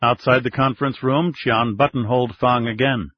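A man reads a thriller aloud with steady, even narration. His voice is mid-pitched and slightly husky. The audio is dry and a bit muffled. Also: moderate pace, few pauses, no room sound.

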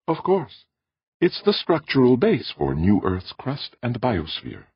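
A placid, courteous alien elder, as a man reads him, explains things with unhurried patience. The voice sits higher than the reader's own and stays husky. The audiobook recording is dull and dry. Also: wildly swooping pitch, no room sound, heavily acted. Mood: calm, placating.

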